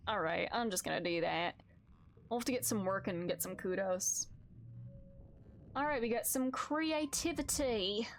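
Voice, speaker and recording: A woman's voice: mid-range voice, unhurried, long pauses, slight background noise. A young woman streaming a narrative game, making chatty, joking asides while reading it aloud. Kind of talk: casual game let's-play commentary.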